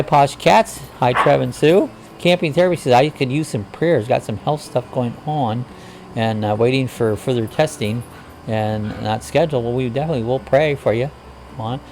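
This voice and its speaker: In a casual livestream, a male host rambles folksily through greetings and viewer comments he reads aloud, often saying "uh." His mid-range voice has a darkish tone and vocal fry, and a slight hiss or hum sits in the background.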